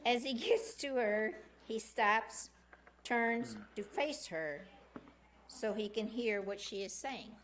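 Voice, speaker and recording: A woman's voice: a little high, slow, fairly bright tone, a little hiss or hum. A woman giving a public comment at a city council meeting, insistently recounting an incident in detail from a podium microphone.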